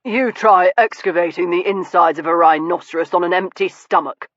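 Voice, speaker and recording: A man's voice: high-pitched, normal speed, fairly bright tone, no room sound. An actor voicing a laconic, brooding Victorian naturalist man in an audiobook, dry in manner and turning wistful. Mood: protesting. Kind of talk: audiobook character dialogue. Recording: dull, muffled studio recording.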